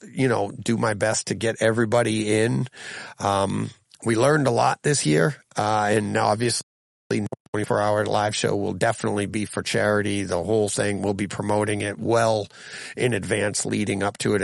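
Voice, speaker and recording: Chatty man with a gravelly low-middle voice. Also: no echo. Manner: rambling, chuckles often, restarts sentences. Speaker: podcast host. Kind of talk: casual podcast chat reading listener comments.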